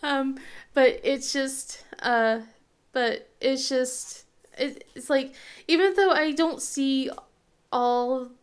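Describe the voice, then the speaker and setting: A woman in her thirties chatting casually as a crafting channel host, rambling and halting with lots of fillers and restarts. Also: sits high. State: tearful at times. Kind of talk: casual chat.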